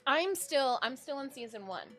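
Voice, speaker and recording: A young adult woman streamer from Michigan, chatting casually with her viewers and often breaking into loud laughter. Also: sits high, big pitch swings, normal speed, soft background music. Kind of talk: casual live-stream chat while drawing.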